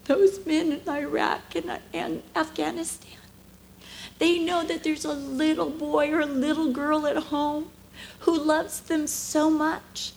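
A woman in her fifties giving a conversational sermon at church, telling emotional stories with lively swings from hushed to animated. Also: high-pitched, slow pace, gravelly, a little hiss or hum, poor audio. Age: 50s. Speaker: speaker at a church.

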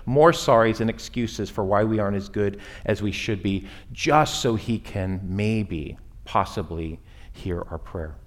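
A man preaching a sermon to his church in a conversational way, rising and falling in pitch and loudness as he makes his points. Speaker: pastor. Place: church sanctuary.

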